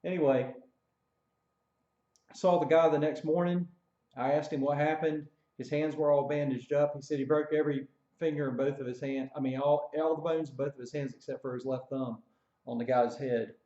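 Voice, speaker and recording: A man's voice: on the high side, fairly even intonation, moderate pace, mellow. A man casually telling an army story, rambling with fillers and self-corrections. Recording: dull echoey room recording.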